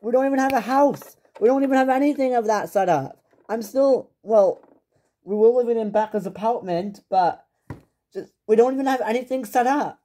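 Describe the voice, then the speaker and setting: A woman's voice: moderate pace, warm tone, close to an everyday voice. A woman voicing a frantic young father-to-be. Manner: frantic, high-strung, breaks into distress. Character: panicking young father-to-be, man. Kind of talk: toy-figure home drama.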